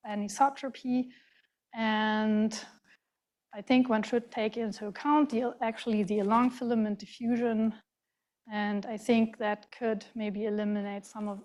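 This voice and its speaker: A woman with a German accent gives an academic lecture in a large hall. Her voice sits a little high, and her delivery is careful and halting, full of fillers and restarted words.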